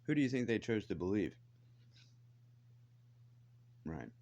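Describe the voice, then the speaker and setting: A vlogger's fairly low, slightly mellow voice has a sing-song quality as he talks fast. It's an angry rant to camera, full of heavy swearing, where he bluntly and defiantly spells out his grievances.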